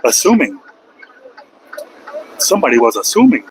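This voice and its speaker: A man streaming live from his truck cab while driving rants to chat, mocking critics sarcastically and mimicking them in a whiny put-on voice. He speaks at a moderate pace in a mid-range, sing-song voice, and the low-quality recording has a little hiss or hum.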